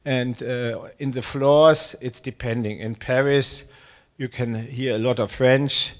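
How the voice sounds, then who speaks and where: A man's voice: mid-range voice, steady tone, slow pace. German-accented man, hesitant on stage. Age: 60s. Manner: hesitant, many fillers, self-deprecating. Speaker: space agency director. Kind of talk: live public talk with audience questions.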